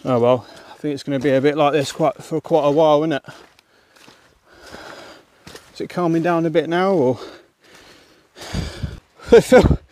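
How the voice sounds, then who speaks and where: An English walking vlogger pants as he climbs a muddy hill on a woodland path, chatting casually to viewers with muttered asides and mild exclamations. His voice is a little high and a little mellow, and he talks fairly quickly.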